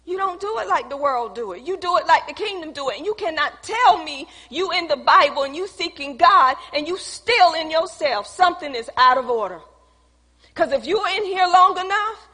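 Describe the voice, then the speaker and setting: A woman with a high, bright voice preaches a sermon, shaping her personal testimony into a lesson. Her delivery is conversational, and she calls out to the congregation while long church-hall reverb rings around her.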